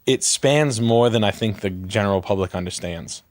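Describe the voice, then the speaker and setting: A man's voice: on the low side, normal speed, no echo. A man telling rambling stories in casual chat, swearing and laughing a lot. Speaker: podcast co-host.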